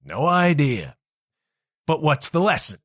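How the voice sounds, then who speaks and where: Animated man telling a story. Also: a little high, takes it slowly, no echo, studio quality. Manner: animated, irreverent, conversational. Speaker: podcast host. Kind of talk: casual storytelling monologue.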